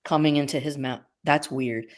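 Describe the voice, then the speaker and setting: A man chatting on a livestream in a measured, thoughtful way with a wry edge. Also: fairly high pitch, fairly even intonation. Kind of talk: casual livestream chat.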